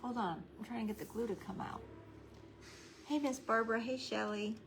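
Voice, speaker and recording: A middle-aged woman with a slightly high, steady voice hosts a live craft tutorial at a moderate pace, on a rough recording with slight background noise. She chats and greets viewers by name, keeping her voice low so a baby can sleep.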